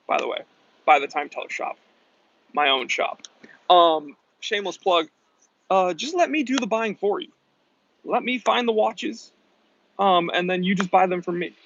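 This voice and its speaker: A young man with a slightly high voice chats casually through a live stream, answering comments in a loose, upbeat way. His voice is close and dry, with a somewhat dull, lo-fi sound. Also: fairly bright tone, no echo. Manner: casual, upbeat, chatty with fillers. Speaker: host.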